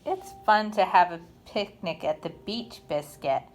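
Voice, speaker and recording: A woman reading a children's picture book aloud in an expressive, sing-song storytime manner. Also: on the low side, a little slow.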